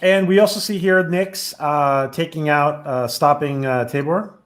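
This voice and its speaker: A man's voice: on the high side, measured pace. A male host of a casual live stream, reading viewers' questions aloud in an upbeat way.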